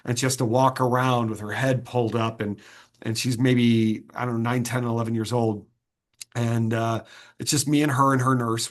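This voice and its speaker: A man being interviewed, an earnest performer who tells stories with many halting restarts. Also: mid-range voice. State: choked up. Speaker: interview guest, sword swallower and performer. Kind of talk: reflective interview answers.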